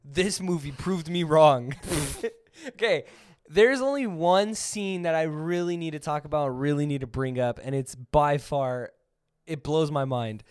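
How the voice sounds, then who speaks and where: A young man with a high-pitched voice co-hosts a casual podcast about movies. He talks in an animated way, laughs often and acts out lines. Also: a little slow, smooth. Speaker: podcast co-host. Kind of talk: casual movie review chat.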